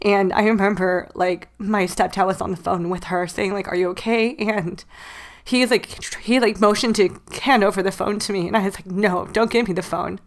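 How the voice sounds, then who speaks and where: A woman's voice: mid-range voice, steady tone, moderate pace. A woman in her late twenties, a podcast co-host, telling a personal story while crying, talking loosely with many fillers. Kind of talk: casual chat.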